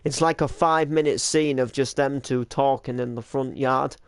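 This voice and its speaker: A man's voice: medium pitch, fairly even intonation, moderate pace, clean tone, dry recording. A young British man hosting a casual reaction to his old videos, rambling with lots of likes and restarts.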